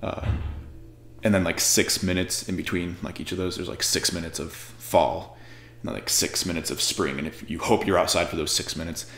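A man's voice: deep voice, steady tone, normal speed, fairly bright tone, echoey room, a little hiss or hum. A man from Arizona talking in a rambling, joking casual monologue.

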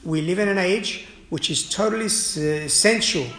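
A man who is a priest, preaching a sermon forcefully, with frequent "uh" fillers and restarts. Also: high voice, moderate pace. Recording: echoey room.

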